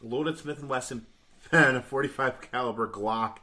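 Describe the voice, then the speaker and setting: A man's voice: medium pitch, normal speed, pushed and bright. A young man co-hosting a podcast, rambling through a news story with a laugh in his voice. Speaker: podcast co-host. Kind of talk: casual podcast banter.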